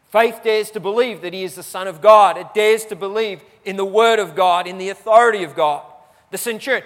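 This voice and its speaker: A man's voice: high-pitched, a little fast, fairly bright tone, in a large hall. A man preaching a sermon to his church, repeating key phrases for emphasis. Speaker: pastor.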